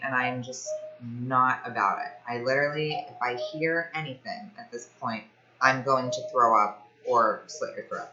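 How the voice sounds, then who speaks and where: A young woman tells a long personal story in a chatty, animated way, full of "like" and quick asides. Her voice is bright and forward. It sounds like a home room with noticeable echo, recorded a bit dull. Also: a bass voice. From Ohio, USA. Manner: chatty, animated, many fillers like "like". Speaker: fitness vlogger. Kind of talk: casual storytelling to camera.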